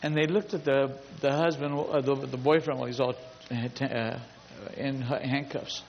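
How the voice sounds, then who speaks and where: With a gravelly, mid-range voice and fairly even intonation, a male pastor preaches at normal speed, telling stories emphatically and stacking up long repetitive lists. The sermon comes through dull and lo-fi, washed in long hall reverb.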